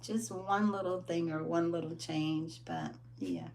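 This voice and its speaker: A woman giving a casual motivational wellness talk, animated and full of laughter as she acts out stories. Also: on the low side, unhurried, slight background noise. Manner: animated storytelling, laughs often, acts out quotes. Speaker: wellness business owner.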